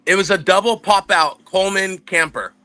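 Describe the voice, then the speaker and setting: A man's voice: high voice, normal speed, bright, forceful tone, dry recording, faint music behind. A man co-hosting a casual livestream chat, rambling through stories and swearing freely. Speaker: livestream co-host.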